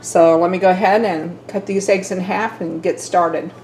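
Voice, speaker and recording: Filmed on a handheld camera in her kitchen, an older woman from Missouri talks informally to her viewers in a homey, friendly way. Her voice is lowish, slightly mellow and fairly even, at a normal pace. The audio is poor, with a little background noise.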